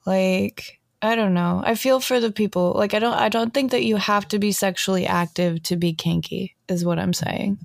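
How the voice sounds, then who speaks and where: A woman's voice: mid-range voice, steady tone, normal speed, creaky, hardly any pauses, no echo, studio quality. A young woman co-hosting a podcast, telling stories in a chatty way full of "like". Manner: chatty, storytelling with lots of "like". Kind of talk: casual chat.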